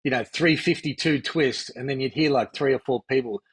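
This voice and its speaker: A husky-voiced Australian man in his fifties talks as a podcast guest about his playing days. His pitch sits in the middle range, and his delivery is relaxed and rambling, with plenty of fillers. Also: a little fast. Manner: easygoing, reminiscing, frequent fillers. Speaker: guest, former pro basketball player. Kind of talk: relaxed interview chat.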